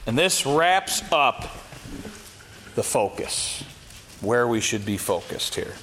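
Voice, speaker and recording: A man's voice: medium pitch, expressive, slow, a bit bright, slight background noise. A man teaching an adult Sunday school class, reading scripture and talking it through plainly with questions to the class. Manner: reads scripture aloud, then talks it through plainly, asking the class questions. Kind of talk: Bible lesson.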